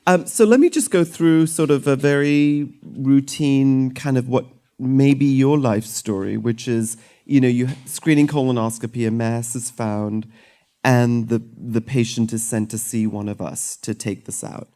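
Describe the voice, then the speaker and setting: A man's voice: mid-range voice, unhurried, mellow. A middle-aged man from Sri Lanka, a surgeon speaking to an audience in a light-hearted, conversational way with self-deprecating jokes.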